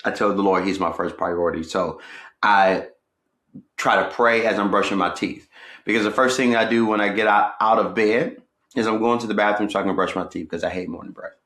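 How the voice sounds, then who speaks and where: Man, podcast host, fairly low voice, playful and conversational, casual devotional talk, echoey room. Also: fairly quick. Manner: playful, conversational, shifts between jokes and gentle encouragement.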